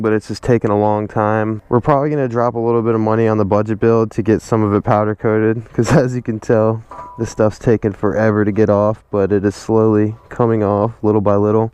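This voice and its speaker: A man's voice: lowish voice, steady tone, fairly quick, a little mellow, clear, resonant tone, dry recording. A man chatting casually in a slangy, laid-back way as he narrates a vlog from his garage workshop. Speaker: motorcycle vlogger.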